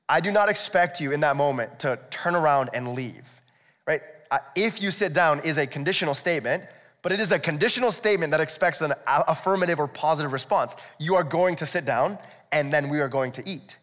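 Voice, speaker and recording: In an echoey hall with long reverb, a male pastor preaches a sermon. His voice is a little high and fairly bright, and he talks a little fast. His style is conversational and explanatory, with rhetorical asides to the congregation.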